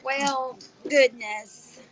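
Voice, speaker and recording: A woman's voice: high voice, fairly even intonation, drawn-out words, fairly bright tone, slight background noise, rough recording. A woman chatting casually with her husband on a livestream, teasing and using many ums. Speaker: co-host, the vlogger's wife. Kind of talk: casual chat. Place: restaurant.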